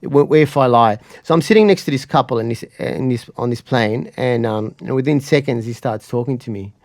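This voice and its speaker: A man's voice: medium pitch, a little fast, darkish tone, dry recording, clean studio sound. A man, a comedian, telling self-deprecating anecdotes in casual podcast chat. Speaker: comedian guest.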